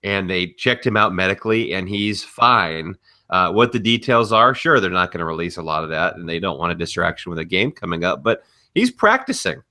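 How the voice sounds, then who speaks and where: A man co-hosting a casual wrestling and sports podcast, calm and matter-of-fact with a teasing streak. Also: deep voice, a little fast. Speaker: podcast co-host. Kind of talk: casual chat.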